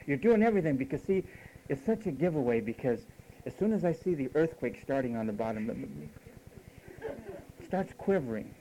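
A man delivers a sermon in an emphatic, teasing manner, his voice slightly high yet mellow and dark. He drops to near-whispered asides between louder points. Faint noise sits under the recording. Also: rough recording. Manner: emphatic, teasing, swings between loud and hushed. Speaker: preacher.

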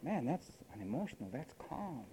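A man's voice: mid-range voice, sing-song, moderate pace, warm tone, breathy edge, poor audio. A man preaching a sermon, scolding and sarcastic, acting out quoted voices as he goes.

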